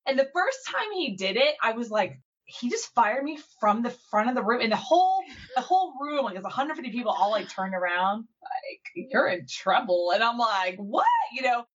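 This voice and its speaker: A woman podcast host with a slightly high voice tells stories in a lively, animated way. She acts out the quotes as she goes. The recording sounds dull and lo-fi. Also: a little fast. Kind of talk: casual interview chat.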